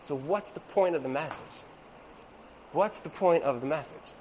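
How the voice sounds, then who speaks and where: A man's voice: on the high side, moderate pace, pauses often, darkish tone. A man giving a casual evening class on Torah and marriage, chatty and full of rhetorical questions, acting out quoted voices. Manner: conversational, asks rhetorical "right?", acts out quoted voices.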